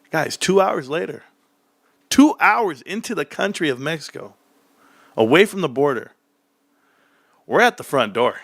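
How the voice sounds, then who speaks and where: A man's voice: moderate pace, creaky, pauses often, no room sound, clean studio sound. A man telling a childhood story in casual chat, laughing often and acting out voices. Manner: animated, acts out childhood voices in a high excited pitch.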